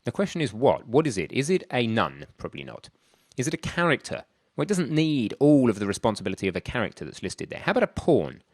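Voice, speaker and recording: A man's voice: medium pitch, big pitch swings, fast, darkish tone, no echo, studio quality. A man thinking aloud in a chatty way as he works through a screen-recorded programming tutorial. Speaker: programming instructor.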